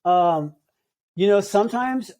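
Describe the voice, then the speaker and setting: High, mellow laid-back surfer man. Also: animated, slow. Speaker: surf coach. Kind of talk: casual podcast chat.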